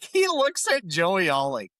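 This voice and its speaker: A man's voice: high voice, no echo. A man co-hosting a podcast, recapping a sitcom episode in casual chat and acting out the characters' lines between laughs. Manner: animated retelling, quoting lines with frequent laughs. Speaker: podcast co-host.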